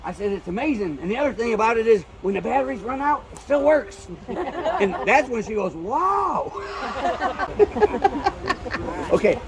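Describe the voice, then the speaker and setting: A folk musician and storyteller with an extremely high, animated voice tells old corny jokes in a folksy way at an outdoor fair, chuckling at his own punchlines, speaking a little fast. He also sings with guitar, and guitar playing and a loud crowd are heard in a low-quality recording.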